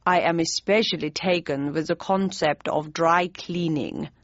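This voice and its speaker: A woman voicing a stiff, formal older male Prussian statesman with a heavy German accent, slow and icily polite. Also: deep voice, dry recording, dull audio.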